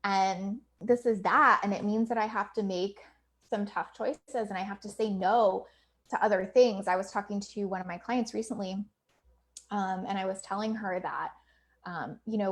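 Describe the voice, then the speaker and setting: Chatty woman coach, laughing and candid. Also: mid-range voice. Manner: candid and chatty, swears freely, laughs often; filler-heavy with many likes and ums. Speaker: business coach. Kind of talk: casual livestream talk to her community.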